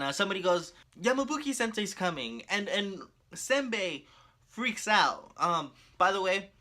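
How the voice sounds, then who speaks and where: A man with a fairly high, bright voice recapping a cartoon story. His delivery is animated and casual, and he breaks into laughs often. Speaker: video creator.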